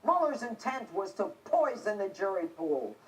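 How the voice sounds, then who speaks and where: A woman's voice: mid-range voice, very animated, moderate pace, far from the mic, low-quality recording. A middle-aged woman, a TV host and former police officer, delivering a scripted opinion monologue in a combative, indignant, emphatic way.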